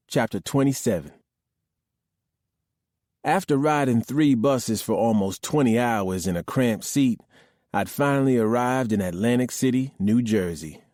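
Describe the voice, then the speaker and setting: A man's voice: on the low side, darkish tone, dry recording, clean studio sound. A man narrating an audiobook in a crude, swaggering first-person manner.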